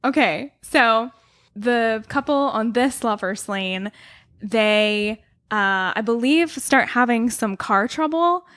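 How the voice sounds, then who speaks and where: A woman co-hosting a podcast, spinning a story in casual chat full of quick asides and giggles. Her voice sits a touch high. The sound is dry and close. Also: expressive, a bit bright, dry recording. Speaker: podcast co-host.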